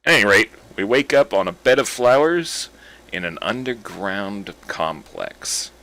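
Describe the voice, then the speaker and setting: A man's voice: lowish voice, lively intonation, unhurried, gravelly, sharp tone. A man commenting on a game he plays, laid-back and self-mocking. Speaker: let's player. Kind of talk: gameplay commentary. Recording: game music behind.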